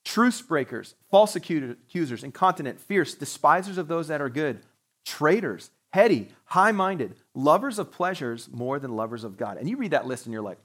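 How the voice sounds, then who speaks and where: A man's voice: a little high, big pitch swings, a little fast, fairly bright tone. A man preaching a sermon to his congregation as pastor, talking in a conversational way with joking asides. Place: church sanctuary, live-streamed service.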